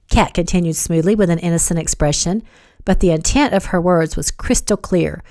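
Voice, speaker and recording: A woman reading her novel aloud as audiobook narration, evenly and measured. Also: fairly low pitch, warm tone, dry recording, studio quality.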